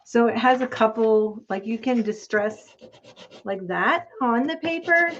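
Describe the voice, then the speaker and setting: A woman whose voice sits on the high side speaks at a measured pace. She's hosting a casual craft-along stream, talking with viewers and reasoning aloud as she measures and cuts, and the dull, lo-fi home audio carries clear background noise.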